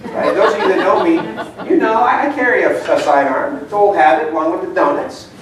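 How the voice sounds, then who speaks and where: A man's voice: high voice, a little fast, a crowd in the background. A middle-aged man giving a seminar talk to an audience, telling stories and asking the room questions. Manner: chatty storyteller, asks the room questions. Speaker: seminar speaker. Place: meeting room. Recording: echoey room, mic far off.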